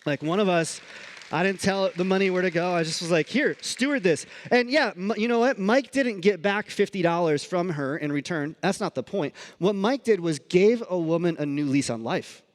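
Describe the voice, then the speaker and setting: A man's voice: sits high, animated, moderate pace. A man preaching a sermon in a church, telling stories in a conversational way with frequent restarts and asides. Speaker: pastor. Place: church sanctuary.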